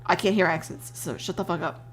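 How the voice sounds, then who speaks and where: A young adult woman streamer chatting casually while she draws, telling animated stories, laughing often and swearing freely. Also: mid-range voice, a little hiss or hum. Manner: animated storytelling with voiced quotes.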